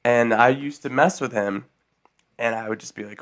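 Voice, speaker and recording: A man's voice: mid-range voice, normal speed, fairly bright tone. A man co-hosting a comedy podcast, laughing often and telling playful stories. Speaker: podcast co-host. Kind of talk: casual comedic chat.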